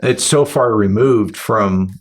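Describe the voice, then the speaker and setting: A man's voice: lowish voice, slow. A man hosting a podcast in casual chat, rambling and restarting sentences, swearing freely and acting out his partner's replies. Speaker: podcast host.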